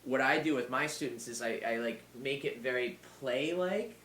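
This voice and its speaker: A man talking in a relaxed, rambling way, full of fillers and the odd curse word, as a podcast guest. His voice has a forceful, bright edge at an ordinary pitch. The room around him rings with a clear echo. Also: normal speed, a little hiss or hum. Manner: rambling, filler-heavy and profane. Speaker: Muay Thai fighter and trainer, podcast guest. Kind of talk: casual podcast chat. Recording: roomy echo.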